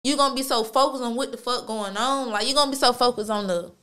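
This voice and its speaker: A quick-paced woman with a high-leaning, bright, forceful voice hosts her own show. Her casual storytelling monologue is laid-back and slangy, heavy on cursing, with gaps filled by "like" and "you feel me."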